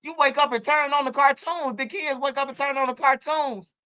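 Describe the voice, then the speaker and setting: A man in his forties, talking casually as a guest, telling animated stories in street slang with lots of profanity. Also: very high voice, brisk. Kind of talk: casual interview chat.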